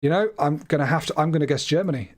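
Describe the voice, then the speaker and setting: A man's voice: fairly high pitch, fast talker, a little mellow. A British man giving casual, self-deprecating livestream commentary on a game while laughing often. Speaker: streamer.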